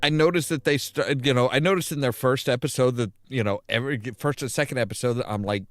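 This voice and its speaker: A gameplay video host with a mid-range voice talks fast with hardly any pauses over soft background music. He comments casually as he plays, rambling, interrupting himself, and restarting sentences often.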